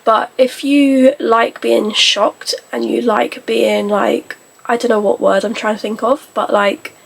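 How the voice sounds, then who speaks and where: A woman book vlogger talking in a casual, rambling way and often stopping to rephrase. Her voice sits fairly high and has a gravelly, slightly husky edge. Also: fairly even intonation, a little slow, rough recording. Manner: rambling, self-correcting, chatty. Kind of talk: casual chat.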